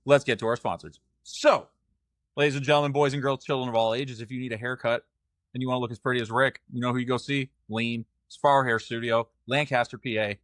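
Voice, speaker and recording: A man's voice: medium pitch, fairly even intonation, quick pace, a bit bright, no room sound, studio quality. A man with a Boston accent hosting a casual podcast, teasing his panel and reading sponsors like an announcer. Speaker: podcast host.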